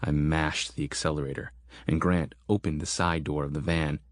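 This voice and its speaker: A man narrating a horror audiobook in a steady, measured storytelling manner. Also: very deep voice, no echo, studio quality.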